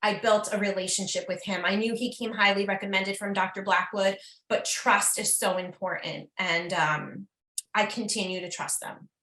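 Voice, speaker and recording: A middle-aged woman with a bright, clear voice tells her story as a breast cancer survivor. She speaks earnestly and reflectively, often pausing with "um". The room gives her voice a noticeable echo. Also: medium pitch, fairly even intonation. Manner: earnest, reflective, frequent ums. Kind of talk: heartfelt personal account.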